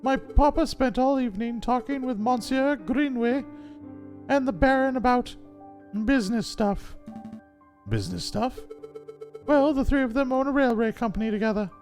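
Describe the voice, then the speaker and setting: A man doing a high, cutesy young cat lady. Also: moderate pace, a little mellow, faint music behind. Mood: chatty. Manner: high cutesy girlish voice, sing-song. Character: sweet young female cat heiress, childlike. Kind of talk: voicing game characters.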